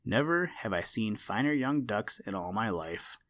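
A man voicing a sly, sharp-eyed male crow who teases the others with mock kindness, in a storybook reading. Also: lowish voice, lively intonation, unhurried. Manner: sly, chuckling, mock-kindly.

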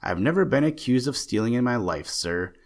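A man voicing a fussy, excitable old male stamp collector with a chattering, genteel manner. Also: mid-range voice, a little fast, pitched above the performer's own voice. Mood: indignant. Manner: chattering, genteel, easily indignant.

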